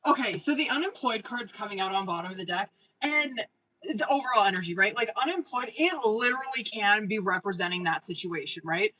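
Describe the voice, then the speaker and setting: A woman's voice: medium pitch, expressive, fairly quick, pushed and bright, rough recording. A woman giving tarot readings on a casual live stream, slangy and profane, laughing often and calling viewers girl and boo. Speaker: tarot reader.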